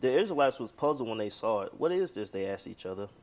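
A man's voice: lowish voice, fast talker, highs cut off. A man preaching a sermon in a conversational way, telling a story and reading scripture aloud.

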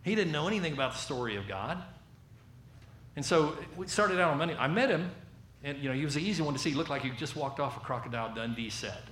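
A man with a Southern American accent preaching a sermon as a lively storyteller, acting out the voices of the people in his story. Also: on the high side, fast talker, roomy sound, a little hiss or hum.

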